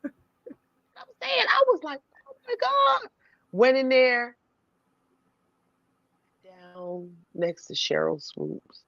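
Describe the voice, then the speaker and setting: Woman, casual storyteller, lively and profane, mid pitch; dull, dry recording. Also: slow, vocal fry, pauses often, dry recording. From New York City. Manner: animated, laughing, swears freely. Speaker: voice actress telling a story.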